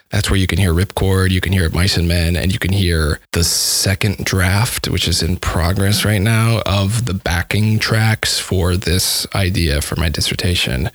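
A man casually retelling a story in conversation, halting often and repeating words as he goes. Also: low-pitched, fairly even intonation, no echo. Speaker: composer describing his dissertation project.

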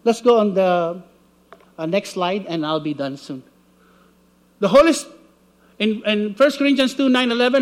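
Preacher, male, higher-pitched voice, lively sermon delivery that acts out the voices in his stories. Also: normal speed, pauses often. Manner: animated storytelling, acting out voices.

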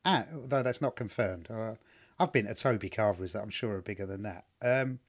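A man's voice: lowish voice, a little fast. A man, a comedian, co-hosting a podcast in a joking, self-mocking casual chat. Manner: lively, jokey, self-mocking.

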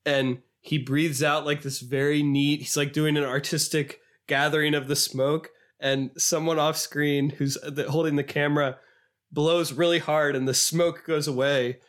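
A man co-hosting a podcast in casual chat, animated and sometimes quoting clips in a higher put-on voice. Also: moderate pace. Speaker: podcast co-host.

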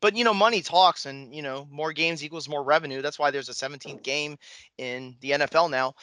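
Bright, slightly high man on a close dry mic, jokey rambling podcast host. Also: fairly quick, dry recording. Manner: jokey, rambling, self-correcting. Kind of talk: casual sports podcast chat.

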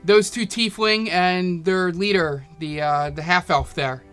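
A man plays a commanding devil lord in a tabletop game, clipped and dismissive, his voice pushed higher than his own and bright in tone. He speaks loudly and unhurried. Soft music plays underneath. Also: fairly even intonation, clean tone.

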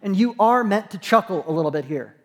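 A man, a pastor, preaching a sermon in a conversational, joking way, with dramatic slow pauses. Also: high voice, big-room sound. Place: church sanctuary.

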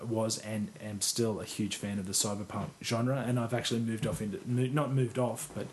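A man's voice: lowish voice, steady tone, moderate pace, a little hiss or hum. A man co-hosting a podcast, chatting casually about a film he likes, rambling and self-deprecating, with casual swearing. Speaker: podcast co-host. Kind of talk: casual film review chat.

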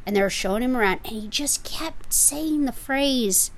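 A woman's voice: on the high side, normal speed, no room sound. A woman co-hosting a podcast, telling stories in casual chat. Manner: storytelling, animated. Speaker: podcast co-host.

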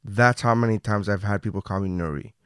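A man hosting a casual podcast, joking and swearing with quick asides. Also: fairly low pitch, clear, resonant tone, dry recording, clean studio sound. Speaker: podcast host.

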